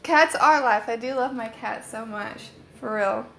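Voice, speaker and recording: A woman's voice: a little high, a little slow, vocal fry, a bit bright. A young woman hosting a casual live stream from home on her phone, rambling and chatty with lots of "like" fillers.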